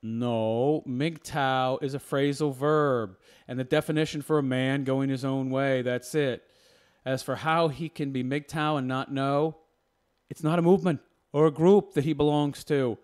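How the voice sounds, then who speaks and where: A man's voice: mid-range voice, steady tone, a little slow, a little mellow, clear, resonant tone. A man giving argumentative reaction commentary, lecturing and rebutting a video point by point.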